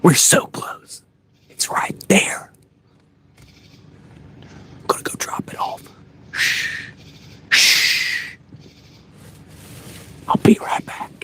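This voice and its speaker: A man's voice: extremely slow, long pauses. A man doing a whispering TV deer hunter. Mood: hushed. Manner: breathy stage whisper, tense and excited. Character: hushed male TV deer hunter stalking prey. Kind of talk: whispered role-play. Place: inside a car. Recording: car noise in background.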